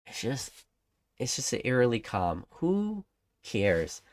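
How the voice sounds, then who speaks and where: Speaking slowly with huge swings in pitch, a man with a mid-range voice hosts a livestream. He rants casually, keeps asking rhetorical questions, curses occasionally, and reads and welcomes chat viewers.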